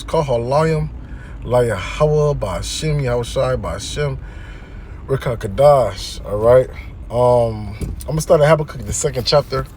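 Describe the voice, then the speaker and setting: A man's voice: on the high side, a little hiss or hum. A man teaching scripture in a casual preaching style, reading verses aloud and explaining them in plain talk while often checking in with his listeners. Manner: conversational, keeps checking in with listeners.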